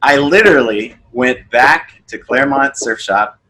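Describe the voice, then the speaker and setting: A young sales coach chats casually as a podcast guest, telling stories and voicing their dialogue with animated pitch jumps. He speaks in an unhurried way, and the audio is poor.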